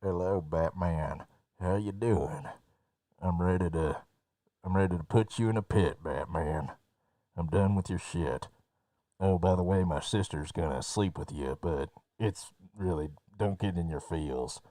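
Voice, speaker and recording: A man putting on a gruff male supervillain voice with a Southern drawl, as a comedic bit on a podcast stream. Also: low-pitched, unhurried, pauses often, mellow, no echo. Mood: mocking.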